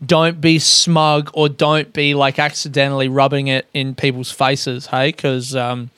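A man's voice: mid-range voice, level tone, measured pace, fairly bright tone, smooth, no room sound. An Australian man talking in a loose, rambling solo monologue as a podcast host, swearing often and poking fun at himself. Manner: sweary, rambling, self-mocking.

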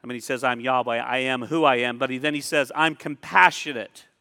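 A male pastor preaching a sermon in a conversational way, pausing and repeating phrases for emphasis. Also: medium pitch, steady tone, creaky, pushed and bright. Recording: long hall reverb.

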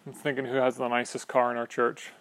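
A man's voice: medium pitch, completely flat delivery, fast, a bit bright. A man preaching a sermon in a church, conversational and joking with the congregation, often checking in with "right?". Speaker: pastor.

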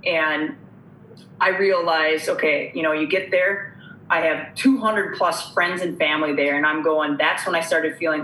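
A woman's voice: low voice, steady tone, measured pace, a bit bright, reverberant, a little hiss or hum, poor audio. A woman guest telling her story earnestly, acting out the dialogue she quotes. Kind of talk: conversational storytelling.

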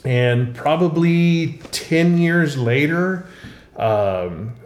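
A middle-aged man, a winery co-owner, answering interview questions in a casual, halting way with many fillers and restarts, recorded in a tasting room. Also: fairly high pitch, expressive, darkish tone. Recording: roomy tasting room, faint hum.

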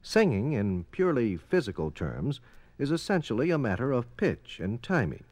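A man narrates an educational film in a formal, explanatory tone. His pitch moves freely across a wide range, and the sound is dry and close. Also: very animated, moderate pace, darkish tone, dry recording. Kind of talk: scripted documentary narration.

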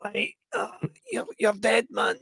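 A man's voice: high-pitched, very animated, takes it slowly, gravelly, breathy edge, no echo, voice pushed up, exaggerated voice. Man putting on a screaming, furious Scottish robbery victim. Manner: shouting in pain and rage. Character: furious wounded male robbery victim, threatening.

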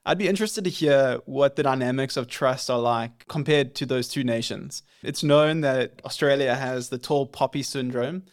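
Male podcast host with a mid-range voice and a measured, reflective delivery. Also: mid-range voice. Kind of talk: interview questions.

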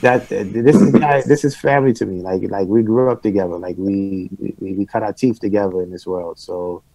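A man's voice: low voice, steady tone, a little fast, vocal fry, mellow, no room sound, poor audio. Blunt, profane man on a video call. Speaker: podcast guest. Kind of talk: casual video-call conversation.

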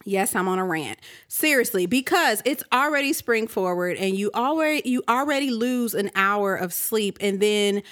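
A woman in her thirties hosting a podcast, ranting in a casual, animated way and acting out her own reactions. She sounds tired and half awake. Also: mid-range voice, normal speed, dry recording, clean studio sound. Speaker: podcast host.

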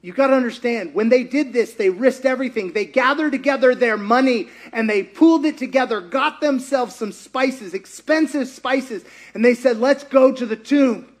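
A man preaching a sermon, retelling a story with animated delivery, acting out quotes and laughing often. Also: very high voice, moderate pace, few pauses.

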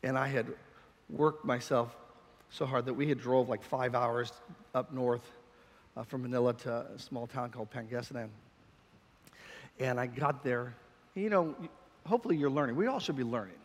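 A man preaching a sermon with passion, swinging between shouted peaks and quiet, storytelling stretches. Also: medium pitch, normal speed, long pauses, long reverb tail.

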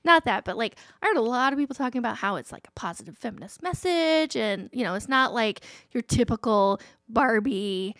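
A woman's voice: on the high side, animated, brisk, few pauses, a bit bright, no echo, studio quality. A woman in her forties co-hosting a podcast, chatting casually, laughing often and saying "like" a lot. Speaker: podcast co-host. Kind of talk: casual chat.

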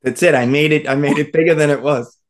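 A man's voice: a little high, fairly even intonation, fast. A man in casual chat among friends, adding corrections and details to a story.

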